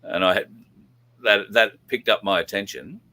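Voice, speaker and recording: A man's voice: on the low side, moderate pace, pushed and bright. A man with an Australian accent hosting a casual talk show, dry and laid-back. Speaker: podcast host. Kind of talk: casual chat.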